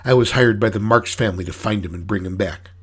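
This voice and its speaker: A man voicing a feisty young female circus clown with a sharp, defiant manner. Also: on the low side, fast, husky.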